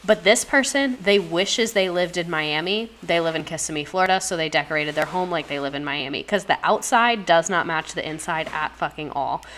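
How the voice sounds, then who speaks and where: A young woman hosts a casual livestream, talking straight to her viewers. Her voice sits a little low, and she reacts in bursts of gasps and profanity. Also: normal speed, few pauses, slight background noise. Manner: animated, gasping, profane, talks to chat directly. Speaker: livestream host.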